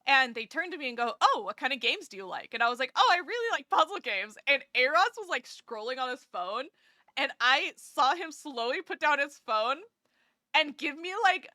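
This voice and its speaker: Woman streamer, excitable storyteller, crisp bright tone, dry booth-like sound. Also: sits high, normal speed, no room sound. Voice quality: animated storyteller, laughs a lot, excitable. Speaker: VTuber streamer. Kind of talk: casual livestream storytelling.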